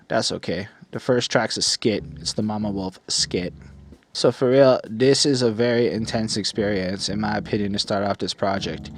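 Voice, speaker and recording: With a fairly low-pitched voice and a bit of hiss or hum in the recording, a young podcast host rambles casually through an album review. His retelling is animated and packed with "like" fillers.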